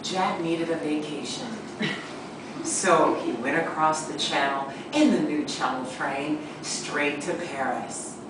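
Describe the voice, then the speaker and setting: A woman's voice: low-pitched, slow pace, background noise. A woman improv student narrating her part of a group story. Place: acting studio classroom. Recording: echoey room from far off.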